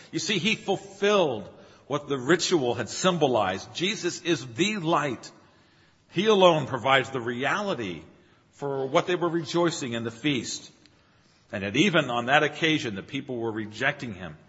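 Husky male preacher in a reverberant hall. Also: medium pitch, expressive, moderate pace, a bit bright. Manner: earnest, emphatic, rising on key phrases. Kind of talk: sermon. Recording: long hall reverb, dull lo-fi sound.

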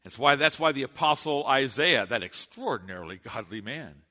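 Bright-voiced preacher in a reverberant hall. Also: male voice, mid-range voice, lively intonation. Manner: emphatic preaching with dramatic pauses. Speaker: pastor. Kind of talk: sermon.

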